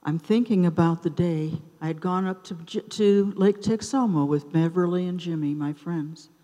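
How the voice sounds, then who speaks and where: A woman in her seventies telling a personal story at an open mic night in a theater, taking her time with dramatic pauses between short phrases. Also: on the low side, dark tone. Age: 70s. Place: theater stage. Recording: reverberant live theater sound.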